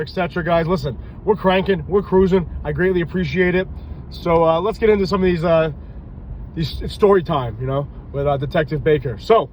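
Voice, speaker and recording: A man spins loose, rambling stories in a casual vlog, his voice sitting high for a man. He sounds tired and loopy and swears freely as he goes. Faint street noise hums behind him outdoors. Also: rough recording. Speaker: reptile breeder and police officer telling stories.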